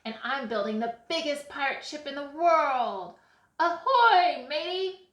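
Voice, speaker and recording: Woman voicing a boastful, hot-tempered storybook boy, loud, echoey room. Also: high-pitched, animated, a little slow, voice pushed up. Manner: loud, snapping. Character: boastful angry boy pirate.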